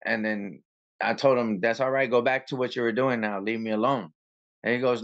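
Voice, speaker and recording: A man, a copwatcher guest in an interview, telling a story in a casual, animated way and acting out both sides of an argument. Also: medium pitch, a little fast, highs cut off.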